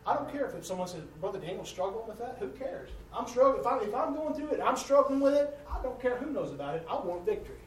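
Male preacher, high voice, folksy storyteller with big swings from loud to soft, recorded from a distance in a roomy church. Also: very animated, fast, few pauses, a little hiss or hum. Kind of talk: sermon. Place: church sanctuary. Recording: echoey room heard from a distance.

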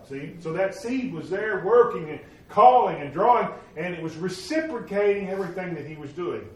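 A man preaching a sermon, retelling stories and acting out the voices of the people in them, moving between loud emphatic lines and hushed ones. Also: high-pitched, normal speed, hardly any pauses. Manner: animated, acts out quoted voices, swings from loud to hushed. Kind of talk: sermon storytelling. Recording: very echoey room, from a distance, faint noise.

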